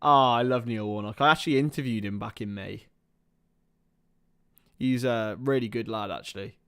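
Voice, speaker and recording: A man hosting a live football watchalong stream, swinging between excitable play-by-play and chatty asides with casual swearing. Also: mid-range voice, moderate pace, clean tone. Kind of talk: casual live match commentary.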